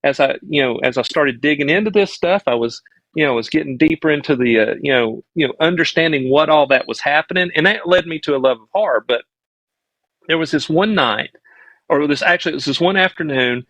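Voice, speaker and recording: A middle-aged man with a Southern US accent tells a childhood story as a podcast guest, earnest and rambling, often restarting his sentences. His voice sits a touch high for a man. The sound is dry and close, with almost no room echo. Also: brisk, a bit bright, muffled recording. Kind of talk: casual storytelling on a live stream.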